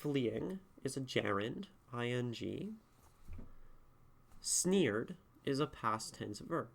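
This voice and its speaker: A young man streaming live, reading chatters' poems aloud and then taking them apart line by line. His voice sits at a middle pitch, and he talks in a loose, relaxed way, stopping to think out loud. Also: slow, vocal fry, slightly rough. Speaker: streamer critiquing poetry. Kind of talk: live-stream poetry critique.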